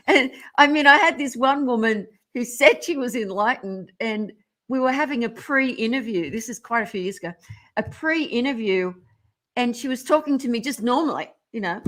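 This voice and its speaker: A middle-aged woman telling stories as a radio interview guest, animated and irreverent, often breaking into laughter. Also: a little high, moderate pace.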